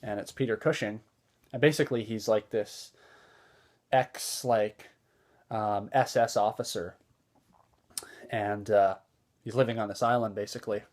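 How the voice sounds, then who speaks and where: A man's voice: fairly low pitch, fairly even intonation, unhurried, long pauses, darkish tone. A man giving a casual spoken movie review, easygoing and enthusiastic, with a loose retelling full of fillers and restarts.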